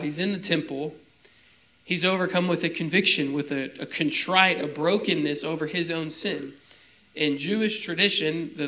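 Man preaching, young adult, casual teaching sermon, chatty, checks in with listeners, somewhat high-pitched voice. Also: a bit bright, low-quality recording. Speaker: pastor.

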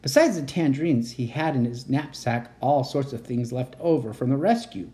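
A reader telling a children's chapter book aloud in an expressive, animated way. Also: mid-range voice, moderate pace. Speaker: storybook reader.

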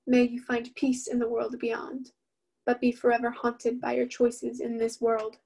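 A woman's voice: a little high, monotone, unhurried, vocal fry, a little mellow, slightly rough, heavily acted. A woman reading as a cruel father-king passing sentence. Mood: solemn. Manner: solemn, mock-sorrowful pronouncement.

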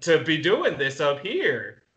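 A man's voice: fairly high pitch, huge pitch swings, slow, a bit bright, exaggerated voice. A man playing a hot-tempered male fruit farmer with a Southern US drawl in an improv comedy sketch. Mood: angry. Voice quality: drawling, indignant.

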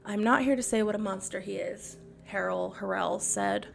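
A woman's voice: medium pitch, moderate pace, vocal fry, slight background noise. A young woman hosting a podcast, delivering an angry, sarcastic and profane monologue. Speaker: podcast host.

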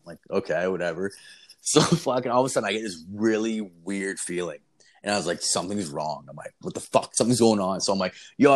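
A young man casually telling a story, swearing constantly and acting out what everyone said. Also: fairly low pitch. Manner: swears constantly, animated retelling with quoted voices.

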